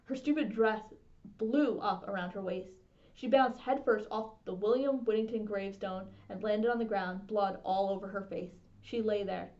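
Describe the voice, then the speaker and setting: A woman librarian reading a children's novel aloud with steady, expressive narration. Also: medium pitch. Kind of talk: storybook read-aloud. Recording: dull lo-fi sound.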